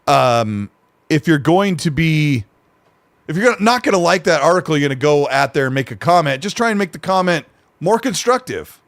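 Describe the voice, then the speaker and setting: Easygoing male podcast host, slightly nasal, higher pitch, dry booth sound, reads out viewer messages. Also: expressive, normal speed, no echo. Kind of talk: casual live-stream chat, reading donations.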